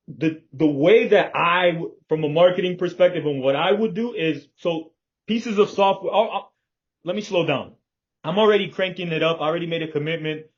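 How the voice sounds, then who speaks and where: A man talks plans through with a partner, emphatic and sure of himself, cursing freely. His voice sits a bit high. The sound is dull and lo-fi, as over a video call. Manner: emphatic, confident, swears freely. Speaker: business partner. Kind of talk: casual planning chat.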